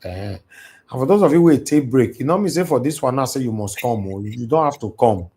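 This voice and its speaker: A man's voice: mid-range voice, lively intonation, fairly quick, warm tone, breathy edge. A man with a Nigerian Pidgin English accent hosting a livestream from home, preaching passionately to his audience. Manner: preachy, impassioned, switches into Pidgin. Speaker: live stream host. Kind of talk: livestream monologue. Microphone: home livestream mic.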